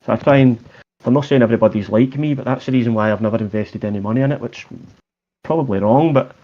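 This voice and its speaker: A man's voice: medium pitch, fast talker, dull audio. A Scottish man, a tradesman guest, chatting casually in a plain-spoken way with some restarts. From Scotland. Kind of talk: casual chat.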